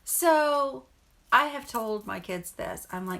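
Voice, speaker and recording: Middle-aged woman vlogger, bright and clear tone, rambling earnest chat to camera. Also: medium pitch, expressive, a little slow, a little hiss or hum. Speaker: vlogger and mother. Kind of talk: casual storytelling to camera.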